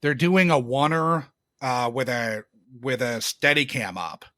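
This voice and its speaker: A young man telling work stories in a casual podcast chat, animated and profane, his voice jumping up when exasperated. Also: mid-range voice, unhurried, no room sound, clean studio sound. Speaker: podcast guest.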